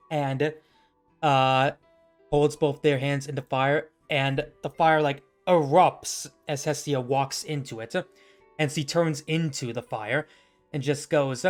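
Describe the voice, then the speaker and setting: A man's voice: mid-range voice, steady tone, takes it slowly, faint music behind. A man narrating as the game master of a tabletop game, rambling and full of fillers.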